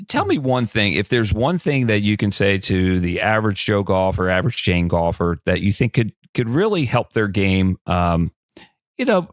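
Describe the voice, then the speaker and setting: A man hosting a podcast interview, asking questions in a relaxed, conversational way. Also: lowish voice, no echo. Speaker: podcast host. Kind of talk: casual interview chat.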